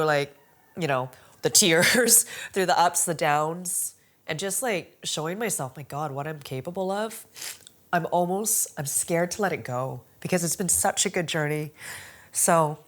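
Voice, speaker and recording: A woman's voice: deep voice, measured pace. A woman in her forties talking candidly in an interview, emotional and laughing often, with many "like"s and "right?"s. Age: 40s. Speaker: amateur Muay Thai fighter.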